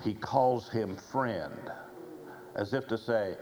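A man preaching a sermon in a slow, unhurried delivery, quoting scripture along the way. His voice sits a little low. Faint ambient sound hangs behind him. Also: a little mellow, slight background noise, low-quality recording.

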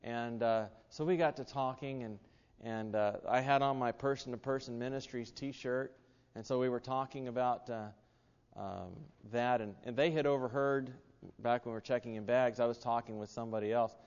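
A man's voice: mid-range voice, fairly even intonation, normal speed, darkish tone, clean tone. Folksy preacher man in an echoing hall. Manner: folksy storytelling, many fillers and restarts. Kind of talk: sermon with personal anecdote. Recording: dull sound in a reverberant hall.

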